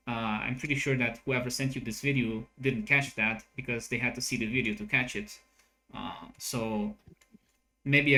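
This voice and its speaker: Bright, argumentative man. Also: mid-range voice. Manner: argumentative, analytical. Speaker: co-host. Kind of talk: casual chat.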